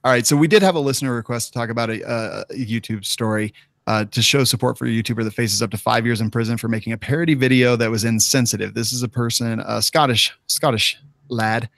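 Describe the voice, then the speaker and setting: A man's voice: mid-range voice, fast, vocal fry, a bit bright, no room sound, studio quality. A man hosting a podcast in casual chat, often laughing and reading sponsor ads. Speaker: podcast host.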